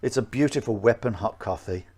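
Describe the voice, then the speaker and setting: A man's voice: fairly low pitch, brisk, a little mellow, husky. A man co-hosting a podcast about martial arts, talking in an emphatic, repetitive way in casual chat. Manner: emphatic, repeats himself.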